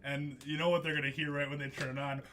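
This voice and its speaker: A man hosting a live card break, excitable and jokey, laughing often as he calls out hits. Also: on the high side, fast, a little hiss or hum. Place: studio.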